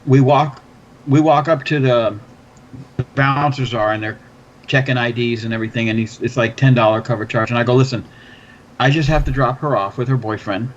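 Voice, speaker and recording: A man telling a long story in casual, profane chat, animated and swearing freely. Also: medium pitch, fairly quick. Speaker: podcast host. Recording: slightly dull, faint background noise.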